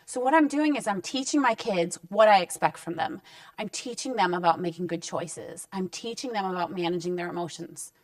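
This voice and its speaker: Woman counselor, relaxed and reassuring parenting talk, dry and slightly distant mic. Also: lowish voice, fairly quick, no echo. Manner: conversational and reassuring, acting out short parent-child exchanges. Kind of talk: direct-to-camera parenting advice talk. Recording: dry sound with the mic set back.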